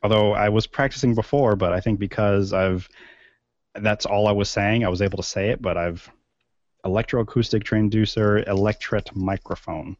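A man's voice: fairly low pitch, vocal fry, a little mellow, no echo. A man co-hosting a podcast in casual chat, rambling with many fillers and restarts. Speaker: podcast co-host. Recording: dull, lo-fi sound.

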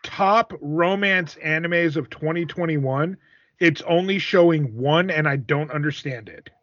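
A man's voice: a little high, unhurried, fairly bright tone, dry recording. Dry-sounding man, eager chatter. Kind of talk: casual group chat. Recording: dull lo-fi sound.

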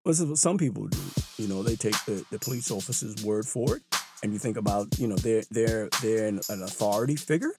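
A man telling stories in a casual monologue, animated and acting out the voices of other people. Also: a little fast. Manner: animated, mimics bystanders with exaggerated pitch jumps. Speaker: runner and storyteller. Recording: clear hip hop music behind the voice.

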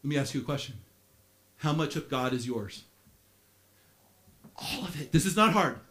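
A man preaching a sermon as pastor, animated, with playful asides, swinging from quiet stretches to shouting. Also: a little high, normal speed, pauses often.

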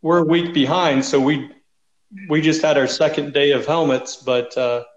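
A man coaching high school football talks plainly and matter-of-factly, his voice level and flat in tone. His voice carries the echo of a roomy space. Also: normal speed, lo-fi sound. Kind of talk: casual chat. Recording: echoey room.

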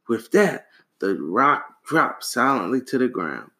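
A man reading a folktale aloud to a child, animated and relaxed, with casual asides. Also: medium pitch, takes it slowly. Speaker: storyteller.

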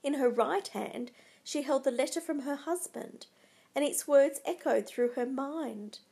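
A woman narrating a storybook in a measured, dramatic way. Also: high-pitched, vocal fry, warm tone.

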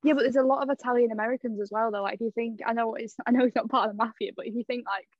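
A young woman co-hosting a podcast, chatty and quick, laughing easily in casual talk. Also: fairly high pitch, steady tone, dry recording, dull audio. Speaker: podcast co-host. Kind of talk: casual chat.

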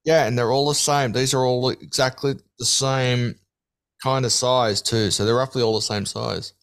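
A man's voice: mid-range voice, fairly even intonation, normal speed, fairly bright tone. A man in casual chat, tasting snacks with friends and laughing often. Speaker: snack taster.

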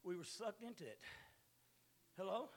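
A man's voice: high-pitched, animated, moderate pace. A man, preaching a sermon in a folksy storytelling way that rises to hollering.

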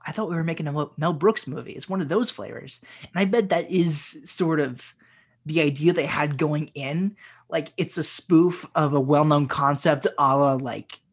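A man with a husky, slightly breathy voice, chatting casually about movies. He talks haltingly, circling back with fillers and restarts as he works out his thoughts. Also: a little high. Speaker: podcast co-host. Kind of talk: casual film discussion.

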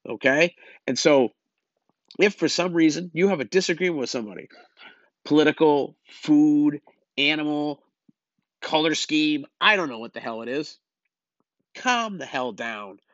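A man's voice: a little high, unhurried, pauses often, a bit bright, no echo, lo-fi sound. Blunt, exasperated ranting man. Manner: blunt, exasperated, lecturing with repeated "okay?". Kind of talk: opinion rant.

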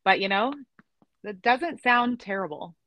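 A woman from Illinois hosting a casual podcast chat, chatty and quick to laugh, with lots of fillers. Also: mid-range voice, no room sound, dull audio. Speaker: podcast host.

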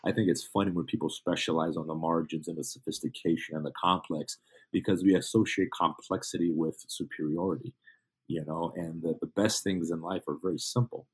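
A low-voiced man with a husky, slightly breathy tone. He talks as a podcast guest in easy conversation, hammering his points home and repeating key lines for emphasis. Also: steady tone, fairly quick. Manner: emphatic, repeats phrases for stress. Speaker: podcast guest, jiu-jitsu instructor. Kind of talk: casual interview chat.

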